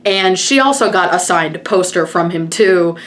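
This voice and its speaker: A woman's voice: fairly low pitch, animated, unhurried, fairly bright tone. Chatty woman telling a story. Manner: chatty, full of "like" and quoted retellings. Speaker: vlogger telling a personal story. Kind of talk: casual storytelling to camera.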